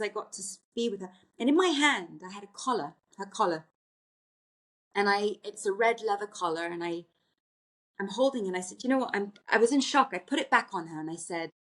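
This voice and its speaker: A woman's voice: medium pitch, fairly bright tone. Earnest woman recounting a spiritual experience. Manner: earnest, reflective, with frequent restarts. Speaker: podcast guest, artist. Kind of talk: personal storytelling in conversation.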